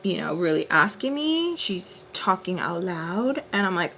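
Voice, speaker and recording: A woman's voice: lowish voice, sing-song, a little slow, vocal fry, few pauses, fairly bright tone, slight background noise. A young woman in her twenties telling a story to the camera while doing her makeup, chatty and exasperated as she retells quoted back-and-forth. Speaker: storytime vlogger.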